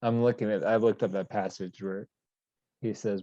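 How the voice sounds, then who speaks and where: A man's voice: on the low side, normal speed, no echo. Male podcast host; wry, easygoing chat, recorded dry and a bit lo-fi. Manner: relaxed, wry, laughs while reading quotes. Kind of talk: casual chat. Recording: dull dry lo-fi sound.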